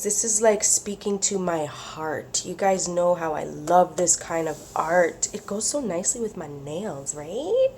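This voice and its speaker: Gushing excitable woman crafter. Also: fairly low pitch, slight background noise. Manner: gushing and excitable, gasps, whispers, squeals. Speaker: craft vlogger. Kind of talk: casual chat to camera.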